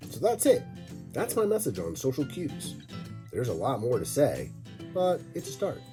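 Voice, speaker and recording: A man narrating a lesson for children, talking slowly and deliberately and addressing the kids directly. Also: mid-range voice, wildly swooping pitch, music in the background. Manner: slow, deliberate, talks straight to kids. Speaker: teacher.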